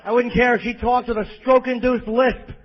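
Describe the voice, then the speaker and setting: High-voiced crude stand-up comic, lo-fi bootleg. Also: male voice, flat delivery, normal speed. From East Coast of the US, New Jersey. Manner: crude, abrasive, profane ranting. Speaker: stand-up comedian. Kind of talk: stand-up comedy set. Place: comedy club stage. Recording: lo-fi live bootleg audio with faint crowd ambience.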